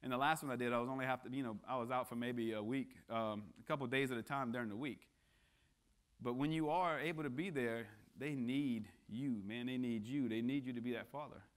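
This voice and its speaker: Man, guest preacher, casual sermon; joking yet earnest, stumbles and restarts, medium pitch. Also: fast, clean tone. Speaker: guest speaker. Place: church sanctuary.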